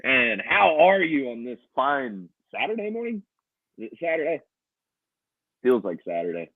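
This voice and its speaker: A man's voice: on the high side, sing-song, a little slow, gravelly, dry recording. A man opening a casual sports show as host, playful and upbeat. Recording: tinny phone-like line.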